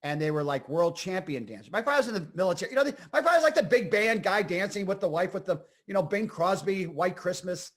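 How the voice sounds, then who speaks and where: Animated high-voiced man telling stories. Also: fast, hardly any pauses. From Scranton, Pennsylvania. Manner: animated, rambling, full of fillers and asides. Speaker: guest, actor and comedian. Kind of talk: casual interview storytelling.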